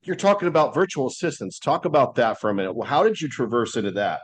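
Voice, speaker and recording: A man's voice: medium pitch, lively intonation, fast talker, no echo. A man hosting a podcast, asking questions in a friendly, loose way with many fillers. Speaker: podcast host. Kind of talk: casual interview.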